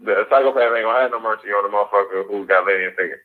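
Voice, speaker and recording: A man's voice: fairly low pitch, rapid-fire. Slangy male radio host on a tinny line. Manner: slangy, questioning. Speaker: radio talk show host. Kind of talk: casual radio talk. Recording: phone-like lo-fi audio.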